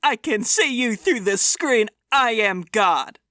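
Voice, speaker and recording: A man putting on a smug male comedian who taunts a fan from his TV special, in a calm, mocking, self-satisfied way. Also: very high voice, slow pace, no echo, clean studio sound, exaggerated voice.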